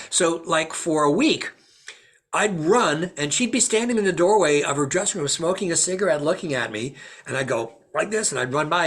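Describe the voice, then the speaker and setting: A man, an actor guest in an interview, telling anecdotes and acting out the voices of people he quotes. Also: fairly high pitch. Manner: animated, acts out quoted voices. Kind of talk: storytelling interview answers.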